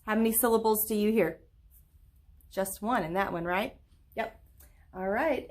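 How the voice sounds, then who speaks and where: A woman teacher leading a recorded virtual lesson for young children, speaking slowly and clearly with lots of encouraging check-in questions. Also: a little high. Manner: claps and stretches words into syllables.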